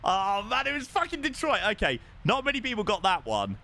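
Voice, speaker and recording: A man streaming live, chatting casually and excitably with his viewers and swearing now and then. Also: sits high, a little fast, creaky. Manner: excitable, swears, talks to chat.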